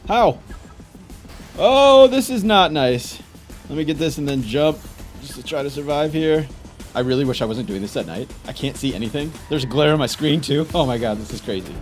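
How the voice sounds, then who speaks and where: A man giving frantic live gameplay commentary, exclaiming and frustrated, later calmly narrating. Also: mid-range voice, a little fast, soft background music. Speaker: gaming YouTuber.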